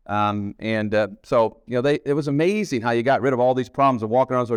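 A man's voice: medium pitch, fast talker, clear, resonant tone, no echo. A middle-aged man preaching a sermon, telling family stories in a folksy way and repeating himself for emphasis. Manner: folksy storytelling with emphatic repetition. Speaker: pastor. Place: camp meeting hall.

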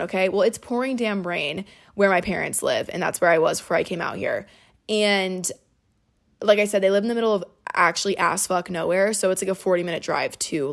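Chatty, swearing young woman with fry. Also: lowish voice. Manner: profane, rambling, heavy use of "like". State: emotional. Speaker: podcast host. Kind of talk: casual storytelling monologue.

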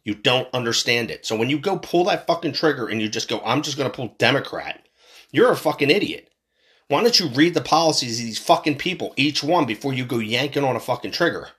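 Man from Philadelphia, mid-pitched voice, fired-up profane rant, hammering his points over and over. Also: animated, quick pace, fairly bright tone. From Philadelphia, USA. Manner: heated, profane, repetitive. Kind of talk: angry political rant.

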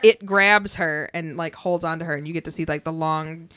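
A woman's voice: sits low, normal speed, smooth, no room sound. A woman co-hosting a podcast, chatting casually, swearing and joking as she tells stories. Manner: profane, joking, animated storytelling. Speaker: podcast co-host. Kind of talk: casual chat.

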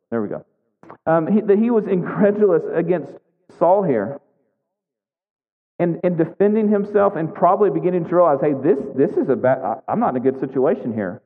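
A man preaching a sermon, retelling a scripture story conversationally and checking in with "right?" as he goes. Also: high-pitched. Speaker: pastor. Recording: echoey hall, thin phone-like sound.

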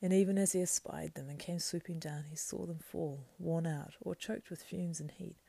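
A woman reading a fantasy novel aloud in a soft, slow, partly whispered and breathy manner. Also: sits low, fairly even intonation, no room sound. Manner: slow, hushed, breathy, unhurried. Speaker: reader.

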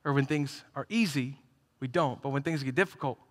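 A man preaching a sermon to a live congregation, telling stories with energy and building to loud, emphatic peaks. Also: medium pitch, brisk. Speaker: pastor. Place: church hall, live congregation. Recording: reverberant church hall.

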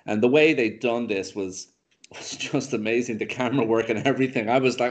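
A man co-hosting a casual film podcast, retelling a movie's plot in a rambling, animated way with lots of fillers and restarts. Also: mid-range voice, fairly quick. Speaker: podcast co-host reviewing films. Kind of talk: casual chat.

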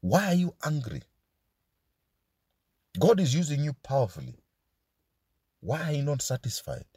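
A man's voice: a little high, huge pitch swings, a little slow, mellow, slightly rough, no echo. A male pastor delivers a sermon, his voice rising and falling with real animation. He drives his points home with rhetorical questions and slips into Swahili asides. The recording is dry, with no room sound around him.

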